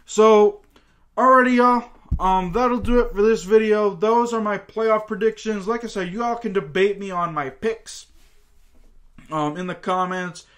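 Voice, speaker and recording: A man's voice: sits high, unhurried, a bit bright. A man hosting his own channel, giving football playoff predictions in a rambling, chatty way full of fillers and asides. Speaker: channel host. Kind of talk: casual sports prediction talk.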